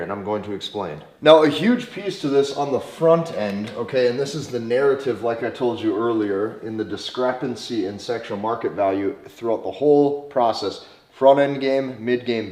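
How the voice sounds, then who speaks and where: Speaking to camera in an echoey room, a man with a North Dakota accent gives dating advice with emphasis, circling back to key phrases and asking "okay?" along the way. His voice is mid-range with a darkish tone.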